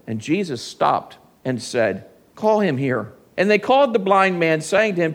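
A man delivers a sermon in an earnest tone and keeps putting rhetorical questions to his listeners. His voice sits a little high and has a gravelly edge. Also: very animated, a little slow. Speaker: preacher.

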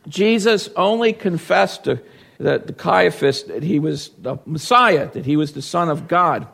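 A male pastor delivering a sermon with a fairly high voice. He talks straight to his congregation, asking them questions, and grows louder and higher when he stresses a point. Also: gravelly. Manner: animated, rises in pitch and volume for emphasis; addresses the congregation directly with questions.

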